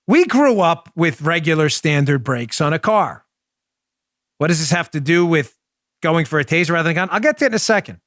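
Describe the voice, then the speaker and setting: A man in his forties with a New York Queens accent hosts an opinionated talk show in a fairly high voice. He speaks emphatically and keeps putting rhetorical questions straight to his listeners. The recording is dry and close. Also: big pitch swings, brisk, fairly bright tone, dry recording. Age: 40s.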